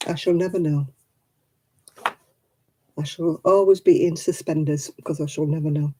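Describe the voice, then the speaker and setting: Brief: woman, live-stream craft host, deep mellow tone, rambling chat with easy laughs. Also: steady tone, moderate pace, a little hiss or hum. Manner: chatty, rambling, laughs often.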